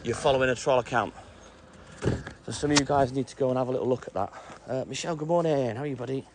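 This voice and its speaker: A middle-aged self-employed milkman talks fast in a medium-pitched voice over a noisy background. He's chatting casually on a live stream during his night delivery round, greeting viewers and answering comments between stops.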